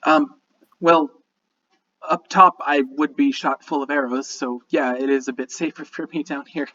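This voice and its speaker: Man voicing a small goblin blacksmith, fairly high and shy, stammers constantly, lo-fi mic. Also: steady tone, measured pace, bright, forceful tone, far from the mic. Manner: nervous, stammering and apologetic. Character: timid three-foot male goblin blacksmith.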